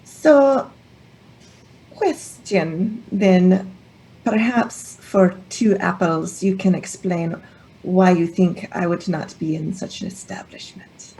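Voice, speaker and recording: A woman voicing a poised female mercenary who speaks in a measured, formal way. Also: lowish voice, dark tone, slightly rough, heavily acted, rough recording. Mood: cool.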